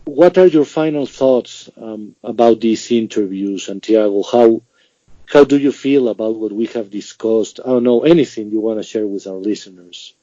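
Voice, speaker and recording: A man's voice: fairly low pitch, normal speed, dark tone, dry recording. A man hosting a podcast interview in a friendly, appreciative way. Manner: friendly and appreciative, laughs lightly. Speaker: podcast host. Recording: dull lo-fi sound, dry.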